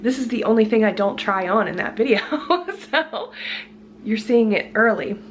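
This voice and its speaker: A woman's voice: on the high side, animated, moderate pace, a little hiss or hum. A woman with a congested voice, chatty and laughing often, filming a casual grocery haul vlog at home. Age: adult student with a job. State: sick, congested voice. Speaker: vlogger. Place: at home, kitchen.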